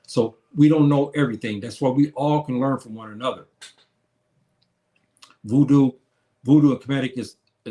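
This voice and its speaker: A man hosting a casual live show, talking straight to his viewers. He is earnest and hesitant, restarts often, and calls his listeners brother and sister. His voice sits at an ordinary middle pitch. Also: a little mellow. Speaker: show host answering viewers. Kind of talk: casual livestream talk.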